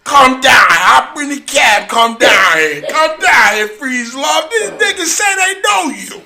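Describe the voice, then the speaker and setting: A man doing an impression of a hyped, loud male comedian who shouts and insists. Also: extremely high pitch, very animated, slow, gravelly, background noise, pitched above the performer's own voice, exaggerated voice. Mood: excited, shouting.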